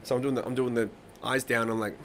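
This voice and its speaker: A man in his thirties talks casually on a live stream, his voice sitting at an ordinary middle pitch. He rambles through stories, swears freely, and laughs along. A faint hum of the room sits behind him. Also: level tone, fast talker. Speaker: live-stream songwriting host. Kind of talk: casual chat to a live audience.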